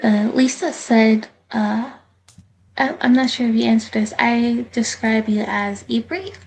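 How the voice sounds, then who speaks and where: A woman reading out viewer questions in a hesitant, halting way. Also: on the high side, a little mellow, low-quality recording.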